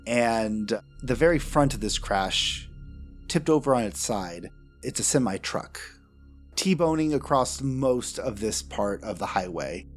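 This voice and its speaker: A man running a tabletop game as game master, narrating scenes with dry, wry asides. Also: medium pitch.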